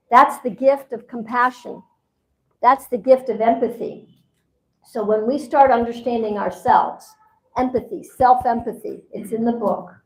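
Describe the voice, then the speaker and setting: A woman teaching at a spiritual seminar in a conversational way, often acting out what people say. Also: a little high. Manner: conversational, acts out quoted voices. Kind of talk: seminar talk. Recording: roomy echo.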